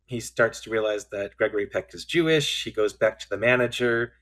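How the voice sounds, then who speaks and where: A man co-hosting a casual film discussion podcast, recapping scenes and acting out lines in quick voices. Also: fairly low pitch, fairly bright tone. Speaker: podcast co-host.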